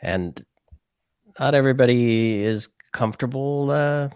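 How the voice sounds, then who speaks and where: A man's voice: mid-range voice, measured pace, darkish tone, clear, resonant tone, dry recording, studio quality. A man hosting a podcast, talking casually and rambling as he thinks aloud. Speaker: podcast host.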